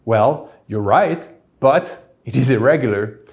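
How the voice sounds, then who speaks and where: A man teaching a beginner French lesson, explaining grammar step by step and saying the French examples slowly and clearly. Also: mid-range voice, expressive. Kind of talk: recorded language lesson. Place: church hall classroom.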